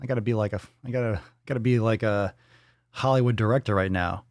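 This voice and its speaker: A man's voice: fairly low pitch, quick pace, darkish tone, no echo, clean studio sound. A man hosting a casual livestream, playful and swearing freely, cooing at his dog in baby talk. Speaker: livestream host.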